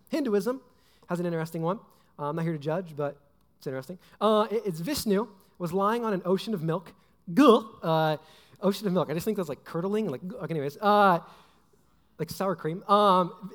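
A young male pastor delivers a loose, joking sermon full of asides and fillers. His voice sits high and he talks fast. The sound carries a long reverb from a large hall. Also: a bit bright. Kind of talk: casual sermon.

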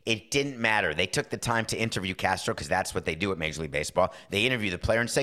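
Male talk-show host, slightly low voice, wry and conversational, acts out quick dialogue. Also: animated, sharp tone. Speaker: podcast host. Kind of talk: casual sports talk monologue.

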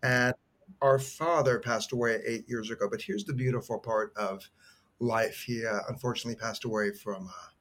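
His mid-range voice is fairly bright, with fairly even intonation and a moderate pace. An actor in middle age and a guest on a podcast, he tells a heartfelt story in conversational fashion, earnest and rambling, frequently starting over.

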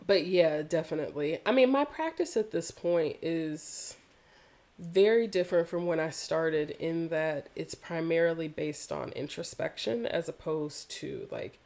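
A woman's voice: deep voice, unhurried, a little mellow. A woman from the American South, telling a personal story in an interview, earnest and reflective, with casual swearing. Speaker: yoga practitioner guest.

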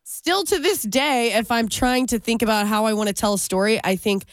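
A woman's voice: fairly high pitch, moderate pace, no echo. A woman radio host chatting casually on a podcast, self-deprecating and easygoing, talking into a studio microphone.

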